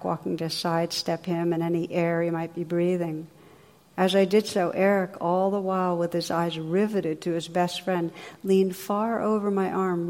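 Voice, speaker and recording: Brief: woman from New Jersey, meditation teacher, low and gentle dharma talk, long hall reverb. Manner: gentle, unhurried storytelling with soft pauses.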